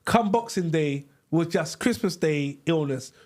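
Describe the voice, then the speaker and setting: Animated high-voiced man telling stories. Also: measured pace. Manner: animated, laughing storyteller with slang. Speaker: podcast co-host. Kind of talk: casual storytelling with friends. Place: live podcast studio.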